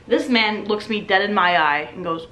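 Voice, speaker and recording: In an easygoing, expressive way, a young woman who works as a server relates a tale and voices the customers in it. She's in her twenties, speaks at a normal speed with medium pitch, and the audio is roomy with a slight hiss or hum.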